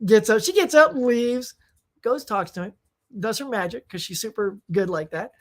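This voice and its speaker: A middle-aged woman hosting a casual live Q&A, telling rambling, animated stories with many fillers while losing her voice. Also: fairly high pitch, a little fast. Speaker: host.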